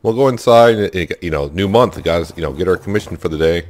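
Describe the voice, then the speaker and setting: A man's voice: low-pitched, expressive, brisk, darkish tone, faint music behind. A man casually commenting as he plays a game, reading the game's dialogue aloud with goofy exclamations. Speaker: gaming YouTuber. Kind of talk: casual let's-play commentary.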